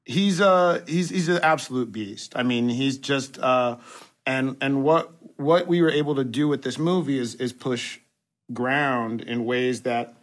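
Male director guest, 40s, mid pitch, animated and profane casual chat. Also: measured pace. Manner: animated, swears casually, says "bro". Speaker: podcast guest, film director.

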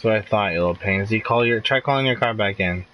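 A man's voice: on the low side, quick pace, a bit bright, a little hiss or hum, poor audio. Frustrated young male gamer streaming. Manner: frustrated, swearing, laughing outbursts. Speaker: live streamer. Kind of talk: casual gameplay commentary.

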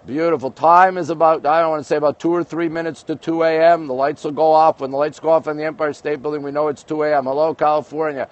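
A man's voice: fairly high pitch, flat delivery, quick pace, hardly any pauses, dull audio. A man from Canada hosting a casual livestream outdoors at night, greeting viewers one after another and joking. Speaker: livestream host. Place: outdoors, overlooking a city skyline at night.

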